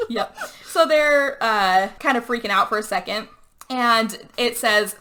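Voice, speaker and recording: Bright-voiced woman recapping a movie. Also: on the high side, slow. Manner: animated retelling with quoted character voices, lots of "like". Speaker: podcast host. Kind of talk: casual movie recap chat.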